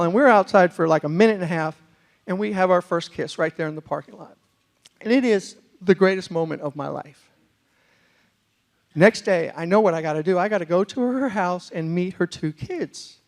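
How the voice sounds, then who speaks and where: A man giving a humorous storytelling talk on stage as a speaker, animated and acting out the voices of people in his stories. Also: high-pitched. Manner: animated, acts out quoted voices.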